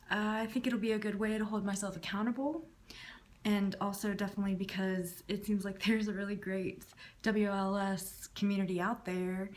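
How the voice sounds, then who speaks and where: Here a woman in her thirties, a YouTuber from the Southern U.S., talks in a mid-range voice against slight background noise. Her answers to tag questions are casual, and her phrases trail downward at the end.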